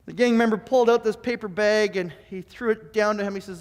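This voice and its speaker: A man preaching a sermon, telling a story and often repeating words as he starts phrases, swinging between soft and emphatic. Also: high-pitched, steady tone, fast. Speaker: pastor. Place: church sanctuary. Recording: long church reverb.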